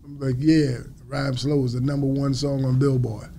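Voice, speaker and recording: A man as an interview guest, telling a story in a lively way and acting out other people's lines. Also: medium pitch, moderate pace, vocal fry, slight background noise. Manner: animated storyteller acting out quotes.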